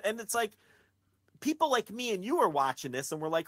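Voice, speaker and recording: A man co-hosting a wrestling podcast in casual, blunt chat, swearing freely and getting animated when he mocks excited fans. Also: high-pitched, quick pace, no room sound. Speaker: podcast co-host.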